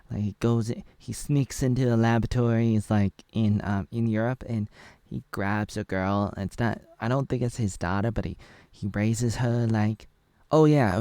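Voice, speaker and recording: A man's voice: lowish voice, mellow, dry recording. American man, 30s, rambling recap, fillers, dry close sound. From United States. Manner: rambling, meandering, full of fillers and asides. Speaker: video reviewer.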